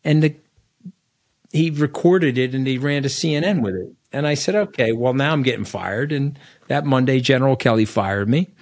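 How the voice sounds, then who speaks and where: A man's voice: medium pitch, moderate pace, a little mellow, no room sound, studio quality. A middle-aged man with a Long Island New York accent, a podcast guest telling stories in a blunt, rambling way and tagging lines with "okay?". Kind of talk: casual storytelling interview.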